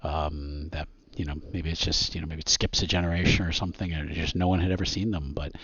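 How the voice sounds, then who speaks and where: A man narrating a tabletop superhero game as game master, halting with many pauses and fillers. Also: very deep voice, steady tone, fairly bright tone, slightly rough, no echo, highs cut off. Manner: halting, many ums and restarts.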